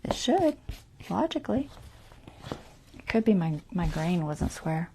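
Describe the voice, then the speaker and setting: A woman's voice: fairly low pitch, very animated, a little slow, mellow, a little hiss or hum. A woman hosting a casual craft tutorial livestream, chatty and self-deprecating, talking herself through each step and muttering half-whispered asides.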